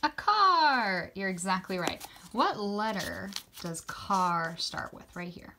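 A woman teaching young children their letters, spelling words out slowly and praising each answer. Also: medium pitch, animated, noisy background. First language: English. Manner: slow, encouraging, spells out letters and sounds.

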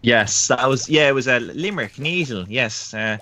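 A man chatting casually as co-host on a voice call, halting and restarting his sentences. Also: medium pitch, expressive, a loud crowd. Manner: halting, full of fillers and restarts. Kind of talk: casual chat.

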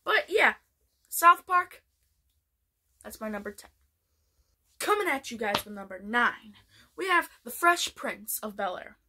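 A woman's voice: a little high, sing-song, a little slow, pauses often, pushed and bright. A woman chatting casually in a vlog, rambling with many restarts. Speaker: vlogger. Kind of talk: casual vlog chat ranking TV shows.

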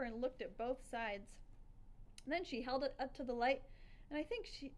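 A woman reads a children's story aloud in the first person, telling it with lively expression. Her voice sits a little high and stays bright with the fun of the tale. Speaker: audiobook reader.

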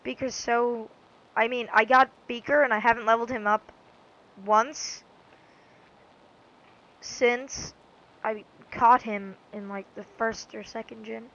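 A woman's voice: a little high, fairly even intonation, slow, long pauses, fairly bright tone, highs cut off. Goofy, rambling woman gaming. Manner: rambling, goofy, self-mocking. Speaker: let's-play gamer. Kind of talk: casual gameplay commentary.

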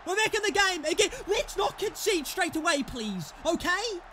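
Young guy yelling and cursing at his football sim, really high voice, bit of noise in the back. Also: animated, moderate pace. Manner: furious, swearing, shouting at players. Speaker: gaming YouTuber. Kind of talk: live gameplay commentary.

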